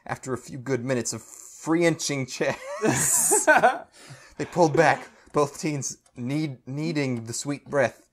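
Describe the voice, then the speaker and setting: A man's voice: medium pitch, animated, takes it slowly. A man podcast co-host reads fan fiction aloud in a mid-range voice, tripping over clumsy sentences and fighting back laughter. The delivery is a mock-serious comic reading. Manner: stumbling, breaking into laughter while reading.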